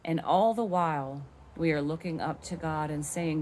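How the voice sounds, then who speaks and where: A woman with a low voice leads a devotional lesson, unhurried and earnest. She explains scripture step by step in a gentle, patient way. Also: a little hiss or hum. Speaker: devotional teacher. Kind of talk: devotional teaching.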